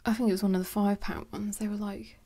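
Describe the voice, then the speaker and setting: A woman chatting in a soft, rambling way for ASMR, moving between quiet speech and whispers and making jokes. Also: medium pitch, little pitch movement, fast. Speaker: ASMR creator.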